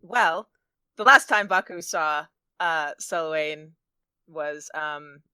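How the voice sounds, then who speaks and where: A woman's voice: deep voice, slow pace, bright, forceful tone, clear, resonant tone, no room sound. A woman playing a tabletop game, speaking hesitantly with lots of fillers. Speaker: player. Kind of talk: casual tabletop play.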